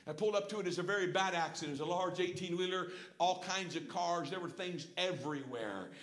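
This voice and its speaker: High-voiced, bright preacher man in echoey church. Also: fast talker. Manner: folksy storytelling preacher, swinging from hushed to shouting. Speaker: pastor. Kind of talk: sermon. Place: church sanctuary. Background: congregation calling out responses.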